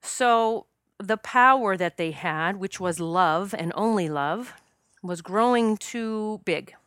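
A woman's voice: mid-range voice, slow pace, fairly bright tone, smooth, no room sound, studio quality. A woman who works as a past life regression specialist, telling a personal story in an earnest, emotional way with many fillers and restarts, choking up at times. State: choked up at times.

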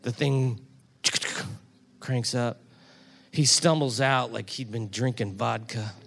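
A middle-aged man pastor preaching a sermon, telling a story that builds to loud, animated peaks. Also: medium pitch, takes it slowly, gravelly, a little hiss or hum.

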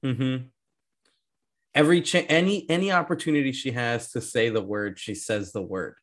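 A man co-hosting a casual movie discussion podcast, animated and laughing often as he acts out scenes. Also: mid-range voice, normal speed. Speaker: podcast co-host.

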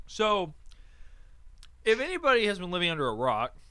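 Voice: mid-range voice, huge pitch swings, moderate pace, bright, forceful tone, no room sound. A young adult podcast host talking in a casual comedic chat, swearing freely and laughing often.

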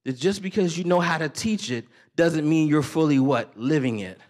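A man preaching a sermon, moving between loud, rising exhortation and quiet, confessional storytelling, with casual slang and self-deprecating asides. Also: on the high side, moderate pace. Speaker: pastor.

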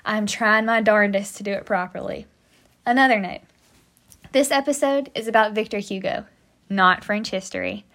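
A woman's voice: medium pitch, moderate pace, fairly bright tone. An American woman hosting a casual history podcast, chatty and joking, with playful asides. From United States. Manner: chatty, joking asides, southern-tinged "y'all". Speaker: podcast host.

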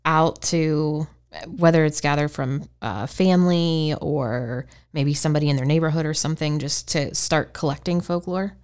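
A woman with a very low, smooth, clear voice hosts a podcast interview. She mostly listens with brief affirmations, then asks her guest a long, easygoing question. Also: normal speed, few pauses, darkish tone. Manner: attentive, short affirmations. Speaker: podcast host.

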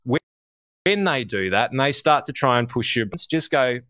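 A man co-hosting a podcast, giving animated, casual market commentary, swearing freely and speaking straight to listeners. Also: mid-range voice, moderate pace, no echo, studio quality. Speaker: co-host.

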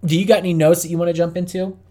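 A man's voice: sits high, flat delivery, racing, warm tone. A man co-hosting a casual chat podcast, speaking candidly and working out his thoughts as he goes. He restarts phrases often and keeps the tone loose and conversational. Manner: candid, thinks aloud with restarts. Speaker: podcast co-host.

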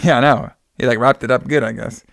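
A man's voice: mid-range voice, steady tone, fast, vocal fry, fairly bright tone, no room sound, studio quality. A man casually recapping a horror movie with a co-host, rambling with lots of fillers and swearing.

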